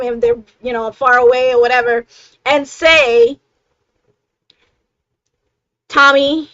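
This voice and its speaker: A woman's voice: fairly high pitch, fairly bright tone, dry recording, lo-fi sound. A middle-aged woman hosting a live self-help stream, talking casually and emphatically, laughing often and checking in with "right?".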